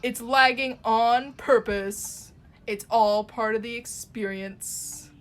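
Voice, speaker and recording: A woman's voice: on the high side, steady tone, slow, faint music behind. A young woman from Ontario with a Toronto Canadian accent, chatting casually and rambling with swearing while she draws on a live stream.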